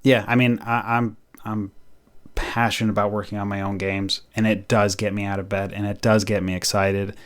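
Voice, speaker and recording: Lively, laughing male podcast co-host. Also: fairly low pitch, moderate pace, smooth. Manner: animated, laughs often, restarts sentences. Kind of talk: casual chat.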